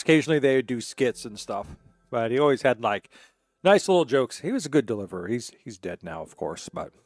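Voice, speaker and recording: A male streamer chatting casually at his own microphone, telling jokes with plenty of restarts and detours. His voice is mid-pitched, and the sound is close and dry. Faint music plays underneath. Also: no echo. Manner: rambling, digressive storyteller. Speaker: gaming streamer.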